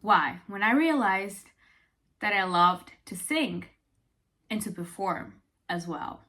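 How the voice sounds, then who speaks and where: Bright-voiced chatty young woman vlogger. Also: medium pitch, slow. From Italy. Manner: expressive, chatty, many fillers. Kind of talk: casual chat to camera.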